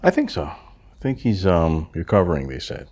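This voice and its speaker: A man with a fairly low voice co-hosts a relaxed podcast conversation. He rambles through his stories with many restarts and answers his partner with steady "yeah, yeah, yeah" backchannels. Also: normal speed. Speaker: podcast co-host. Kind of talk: casual chat.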